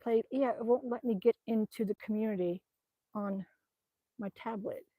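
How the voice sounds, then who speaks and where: A woman's voice: fairly high pitch, steady tone, normal speed, no room sound, narrow, tinny audio. A woman chatting casually with viewers on a livestream, reading comments, laughing often and muttering to herself. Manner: chatty, laughs often, mutters to herself while tapping through her screen. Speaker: vlogger reading live chat comments.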